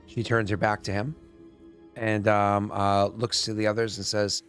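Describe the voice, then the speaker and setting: A man's voice: fairly low pitch, flat delivery, a little slow, a bit bright, soft background music. A man narrating as game master in a rambling way, with many fillers.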